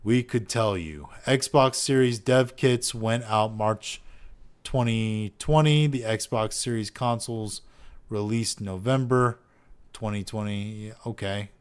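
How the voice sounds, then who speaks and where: A man with a fairly low voice hosts a casual commentary podcast. He reads out online posts and rants at them, swearing freely and sounding exasperated. His delivery drifts between muttered asides and loud outbursts. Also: takes it slowly, smooth. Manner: profane, exasperated ranting. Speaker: podcast host.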